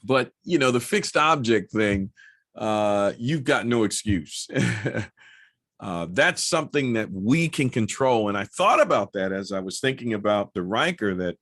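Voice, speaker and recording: A man's voice: fairly low pitch, animated, unhurried, fairly bright tone. A middle-aged man talking casually to camera as a motorcycle vlogger, chatty and anecdotal with many asides.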